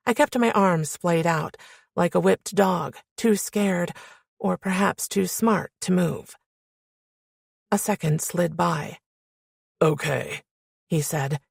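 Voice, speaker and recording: A woman with a fairly low, gravelly voice reads a first-person romance audiobook. Her telling is steady and intimate, close to the mic. The sound is dry and close. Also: dry recording. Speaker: audiobook narrator.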